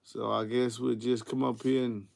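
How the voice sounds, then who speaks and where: Gravelly laid-back man hosting a livestream. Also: medium pitch, flat delivery, moderate pace, darkish tone. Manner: greets viewers by name, laid-back slang. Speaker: host of a live car audio Q&A stream. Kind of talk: casual livestream chat.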